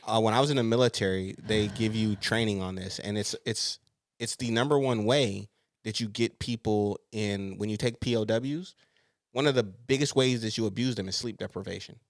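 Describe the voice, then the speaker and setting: A man's voice: on the low side, moderate pace, no echo. A young man co-hosting a podcast, talking bluntly and openly, with frequent swearing, in casual chat. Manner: blunt, profane, confessional. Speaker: podcast co-host.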